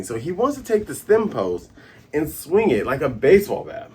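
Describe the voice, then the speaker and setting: Lively husky-voiced man recapping a comic. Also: medium pitch. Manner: excitable, acts out characters' lines in quick voices. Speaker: manga review host. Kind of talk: casual chapter recap.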